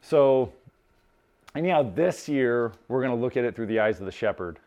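A man preaching in a relaxed, conversational way, telling stories with many restarts and casual asides. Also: mid-range voice, normal speed. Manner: informal, lots of restarts and "like". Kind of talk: conversational sermon storytelling.

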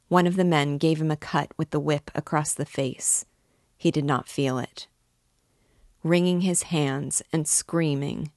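A woman reading a novel aloud in a slow, deliberate way as a guide to the book. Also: low-pitched, a little mellow, no room sound, clean studio sound. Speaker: reader guiding a novel.

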